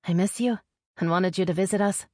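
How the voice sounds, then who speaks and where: A woman voicing a nervous young woman who speaks higher and more urgently than the narration. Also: a little fast, darkish tone, no echo, studio quality, lightly acted. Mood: anxious. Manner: higher, anxious, pleading.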